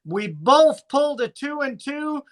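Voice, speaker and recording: A man's voice: very high voice, big pitch swings, measured pace, fairly bright tone. A man co-hosting a casual fantasy sports podcast, recapping matchups in a dry, teasing announcer manner. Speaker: podcast co-host.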